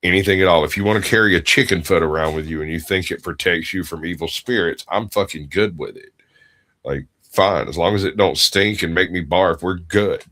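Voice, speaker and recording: A middle-aged man with a very deep, low voice. He co-hosts a casual podcast, telling crude, profane stories and laughing often. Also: brisk, bright, forceful tone. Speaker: podcast co-host. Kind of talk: casual chat.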